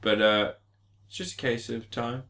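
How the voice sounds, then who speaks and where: A man co-hosting a casual film review podcast, excitable and jokey, laughing and swearing often. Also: medium pitch, normal speed. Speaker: podcast co-host.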